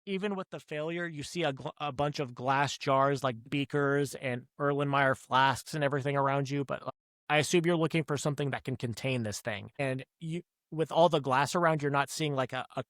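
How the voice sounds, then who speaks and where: A man's voice: medium pitch, fairly quick, fairly bright tone, dry recording. A man narrating as game master of a tabletop horror game, often restarting his words as he explains the scene.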